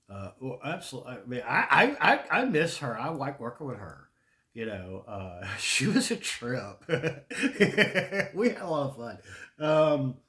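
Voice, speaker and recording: A man's voice: mid-range voice, a bit bright. A Southern man in his forties, telling stories in a rambling casual monologue, swearing and restarting often. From Charlotte, North Carolina. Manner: profane, rambling, frequent restarts and laughter. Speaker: podcast host.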